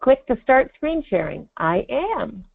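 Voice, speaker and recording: A woman's voice: on the high side, very animated, a little slow, gravelly, dry recording. A middle-aged woman talking casually from her office, chatty and self-deprecating, as the guest presenter. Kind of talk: casual webinar chat. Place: home office. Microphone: video call. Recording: tinny phone-like web call audio, dry.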